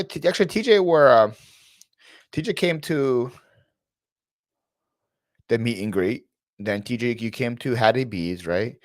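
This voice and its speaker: A man's voice: fairly low pitch, no room sound. A man hosting a live question-and-answer stream from his home setup, chatting casually, greeting viewers by name and telling rambling stories with lots of fillers. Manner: rambling storyteller, reads chat names aloud, frequent fillers and restarts. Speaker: reseller YouTuber hosting a live Q&A.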